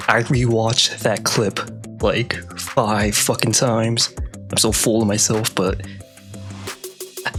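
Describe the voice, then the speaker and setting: Hushed excitable gamer guy. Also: fairly low pitch. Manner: excitable, swears often, bursts into gasps and whispers; talks quietly and softly late at night. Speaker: gaming video creator. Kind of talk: casual gameplay commentary.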